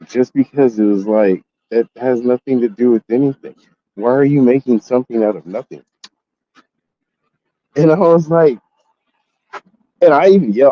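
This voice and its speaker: A man's voice: mid-range voice, dark tone, dry recording, dull audio. A man hosting a collectibles vlog, telling a story in a heated, profane way. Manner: profane, heated storytelling, voice jumps up when angry. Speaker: collectibles channel host. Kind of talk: casual ranting vlog.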